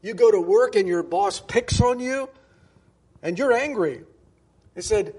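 Husky-voiced man preaching a sermon. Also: high voice, expressive, unhurried, long pauses, a little mellow. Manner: conversational, with many restarts and emphatic quoting. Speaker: pastor.

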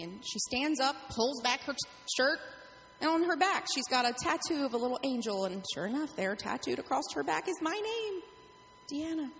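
A middle-aged woman pastor telling a story in a sermon, acting out the quotes with lively animation. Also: high voice, normal speed. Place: church sanctuary. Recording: echoey hall, faint hum.

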